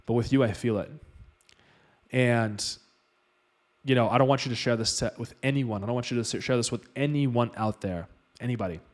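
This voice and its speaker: A man's voice: mid-range voice, normal speed, long pauses, lightly acted. A man voicing a commanding, self-styled enlightened male acupuncturist who talks down to people. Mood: solemn. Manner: bossy, calls everyone man.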